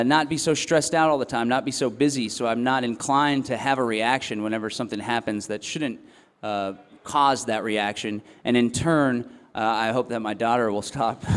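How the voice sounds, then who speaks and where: A young man giving a talk to a festival audience, earnest and reflective, pausing often with ums and restarting his phrases. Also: medium pitch. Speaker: festival speaker. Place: event hall or tent. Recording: long hall reverb.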